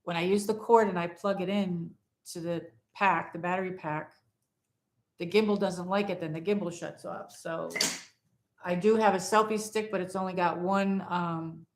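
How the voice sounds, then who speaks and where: Lady chatting on a phone livestream at home, low-ish voice, rambles, reads out chat comments. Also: steady tone, moderate pace, roomy sound, a little hiss or hum. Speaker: livestream host. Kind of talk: casual live chat with viewers. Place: home, in front of a Christmas tree.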